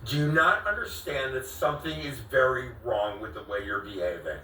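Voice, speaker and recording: Heated and on camera, a vlogger confronts his friend, his voice cracking as he repeats the same questions again and again, pleading and exasperated. His medium-pitched voice has a sharp tone and normal speed, and he sits a bit off-mic and far away in an echoey room with slight background noise.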